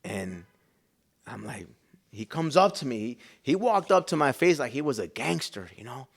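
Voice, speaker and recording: Animated storytelling man, hushed asides. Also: mid-range voice, moderate pace, gravelly, breathy edge. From Chicago, USA. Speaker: guest, business owner and pastor. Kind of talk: personal storytelling in a podcast interview.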